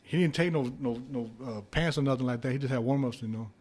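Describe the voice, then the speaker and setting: Speaking fast in a mid-range voice, an ex-heavyweight boxer guesting on a podcast swaps casual stories, animated and heavy on swearing and laughs.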